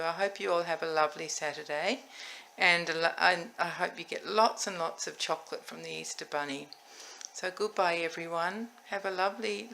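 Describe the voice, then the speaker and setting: A woman's voice: lowish voice, vocal fry, fairly bright tone, slight background noise, rough recording. A woman chatting enthusiastically as she shows her doll collection, rambling into little asides. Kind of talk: casual show-and-tell chat.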